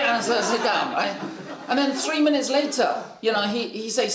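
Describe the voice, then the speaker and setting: A man's voice: high voice, animated, normal speed, few pauses, roomy sound, a crowd in the background. A man preaching a sermon and telling stories in a loose, rambling way with many fillers and restarts. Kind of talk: sermon with storytelling.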